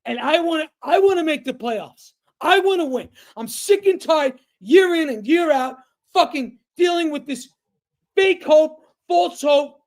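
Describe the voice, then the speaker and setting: Guy yelling on a sports podcast, high strained voice, cursing nonstop. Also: expressive, a little slow. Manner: angry, shouting, swearing a lot. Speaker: podcast co-host. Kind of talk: heated sports rant.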